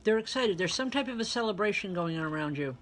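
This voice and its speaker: A woman's voice: mid-range voice, lively intonation, quick pace, slight background noise. A woman reverend working as a medium, giving a live online spiritual reading and talking chattily to viewers as she relays spirit messages.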